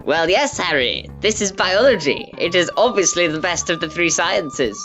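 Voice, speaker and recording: A man voicing a gruff, rude male teacher who lectures curtly and hurls insults. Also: sing-song, moderate pace, bright, forceful tone, full character voice. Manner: deep, curt, insulting, lecturing. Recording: dull lo-fi audio with faint music.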